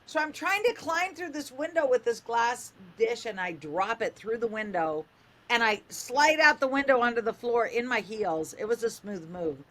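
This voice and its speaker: An older woman radio host telling a funny story, lively and animated, acting out the voices in it. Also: moderate pace. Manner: lively, acts out quoted voices with big pitch jumps.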